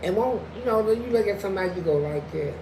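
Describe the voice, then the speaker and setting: Animated profane man telling stories. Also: sits high, quick pace. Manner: animated, jumps into loud acted-out quotes. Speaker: podcast guest. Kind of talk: profane prison storytelling. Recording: echoey room with background noise.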